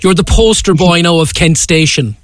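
A man's voice: fairly high pitch, normal speed, dry recording, studio quality. A man hosting a radio interview, jovial and teasing as he chats with his guest. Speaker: radio host.

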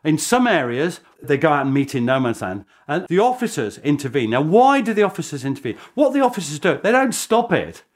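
A man in a documentary interview, speaking as a historian. His slightly high voice swings widely as he tells the story. Chuckles and small restarts break up his delivery. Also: big pitch swings, brisk, few pauses.

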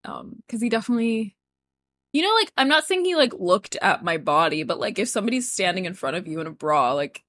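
A woman's voice: mid-range voice, sing-song, brisk, fairly bright tone, no room sound, clean studio sound. A woman co-hosting a podcast, chatting casually and rambling with lots of "like" fillers. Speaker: podcast co-host. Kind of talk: casual chat.

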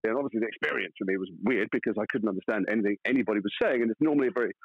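A man's voice: fairly low pitch, very fast, vocal fry, slightly rough, muffled recording. A man, an actor guest in a casual interview, telling stories playfully with mock outrage.

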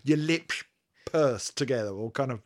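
A man's voice: medium pitch, lively intonation, normal speed. A man co-hosting a podcast in casual chat, joking and teasing, often laughing. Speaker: podcast co-host.

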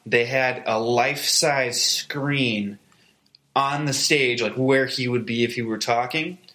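Bright-voiced man, wry casual chat. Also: medium pitch, slow. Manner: wry, profane, laid-back commentary.

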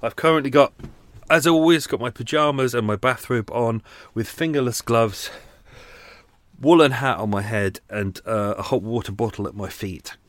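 In a dry recording made in a small home room on a boat, a man hosts a podcast in a mid-range voice at a moderate pace. He chats casually with listeners, rambling and making fun of himself.

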